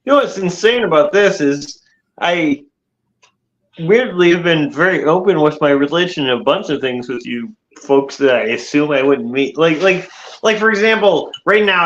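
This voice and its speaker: A man's voice: a little high, lively intonation, moderate pace, fairly bright tone, highs cut off. A man who has been drinking, in a casual group chat, rambling and trailing off as he loses his thread. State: tipsy from drinking.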